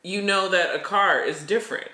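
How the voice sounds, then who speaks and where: A middle-aged podcast co-host telling a story in casual chat, animated and breaking into nervous laughs. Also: medium pitch, normal speed. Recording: echoey room.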